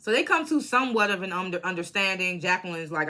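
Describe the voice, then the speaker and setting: Woman, casual recap vlogger, bright, blunt and profane, animated storyteller. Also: lowish voice, measured pace, long pauses.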